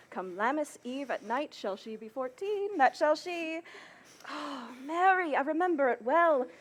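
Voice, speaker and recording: A woman's voice: sits high, fairly bright tone. A woman playing a garrulous, bawdy old nurse who rambles and laughs, acting Shakespeare on an outdoor stage. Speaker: stage actor.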